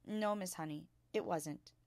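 A woman voicing a solemn, clever little girl who speaks quietly and softly. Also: lowish voice, measured pace, no room sound. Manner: quiet, soft, truthful.

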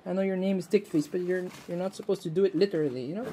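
A man's voice: high-pitched, steady tone, rapid-fire, mellow, slight background noise. A man vlogging in a room, joking crudely and mixing in Tagalog. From Philippines. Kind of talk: casual chat. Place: a room at home.

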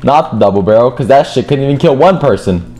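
A young man giving gameplay commentary, swearing and shouting in frustrated outbursts, with game music and keyboard typing behind him. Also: mid-range voice, animated, fast talker. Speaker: gaming streamer.

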